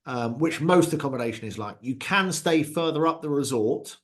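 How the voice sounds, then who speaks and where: A man's voice: medium pitch, animated, moderate pace. A man co-hosting a ski podcast, chatting casually and telling anecdotes, acting out voices in his stories. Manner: chatty anecdotes with acted-out quotes. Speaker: podcast co-host. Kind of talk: casual chat, storytelling.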